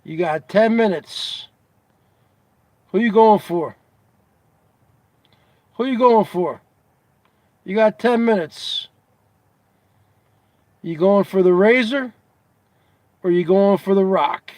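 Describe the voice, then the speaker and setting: A man hosting a casual comedy show, asking his audience teasing questions over and over in a drawn-out way. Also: sits high, darkish tone, no room sound. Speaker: host.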